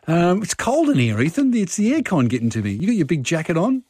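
A man's voice: on the high side, huge pitch swings, fast talker, hardly any pauses, a little mellow, no room sound. Easygoing male radio host, dry studio sound. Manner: easygoing, filler-heavy, upbeat. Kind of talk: talk radio. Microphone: studio microphone.

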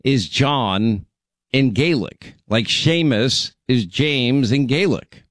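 A man's voice: mid-range voice, animated, dry recording. Brief: male radio host, New York accent, brash and teasing, close dry mic. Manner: brash, teasing, fast-talking. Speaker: radio talk show host. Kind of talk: bantering talk radio. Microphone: studio mic.

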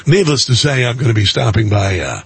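A male radio and TV host telling a story in an excitable monologue, his voice jumping up into loud outbursts. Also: medium pitch, a little fast, vocal fry, a little hiss or hum.

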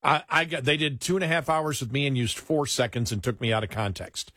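Middle-aged guy hosting a talk show, blunt and emphatic, kinda husky, dry sound. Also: medium pitch, a bit bright, no room sound. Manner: blunt, emphatic, halting with fillers. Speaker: talk radio host. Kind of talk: casual political talk.

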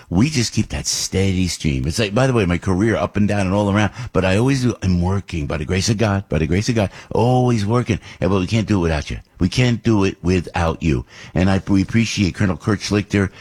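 Radio host, male, husky low voice, chatty rambling monologue. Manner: rambling, animated storytelling with restarts. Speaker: radio talk show host.

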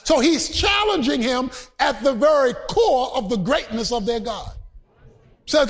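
A man delivers a sermon in a very high-pitched, animated voice at a measured pace, emphatic and frequently shouting as he rises into a sing-song chant. He tosses colloquial, joking asides to the congregation.

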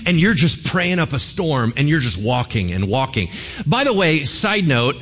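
Pastor mid-sermon, highish, very expressive delivery, playful asides to the congregation. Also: male voice. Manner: animated storytelling, acting out voices with laughs.

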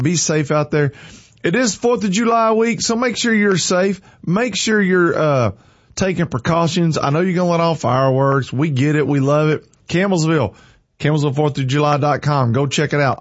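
A man's voice: mid-range voice, dry recording, lo-fi sound. A man hosting a morning show, chatting folksy and then preaching with energy. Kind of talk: casual chat turning to preaching.

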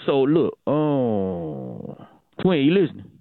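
A man's voice: medium pitch, sing-song, takes it slowly, gravelly, no room sound. A man doing a comic radio bit, drawling and preachy, calling his listener "boy" and "shawty". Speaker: radio show comedian telling a bit. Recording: tinny phone-like dry sound.

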